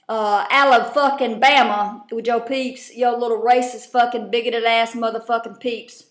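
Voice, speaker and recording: A woman's voice: fairly high pitch, fairly even intonation, unhurried, hardly any pauses. A woman, recapping a TV show in a casual vlog, blunt and profane with lots of rambling fillers. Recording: roomy echo.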